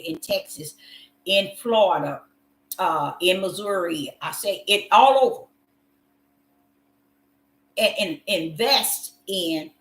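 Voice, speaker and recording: A woman's voice: mid-range voice, a bit bright, echoey room. A woman preaching a sermon with passion, repeating phrases and calling her listeners y'all. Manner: impassioned, repetitive, addresses listeners as y'all.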